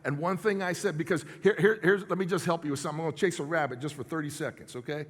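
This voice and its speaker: Middle-aged pastor guy giving a sermon, kinda high voice, chatty with the congregation, big echoey church hall. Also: very fast. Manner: conversational preaching with audience check-ins. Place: church sanctuary.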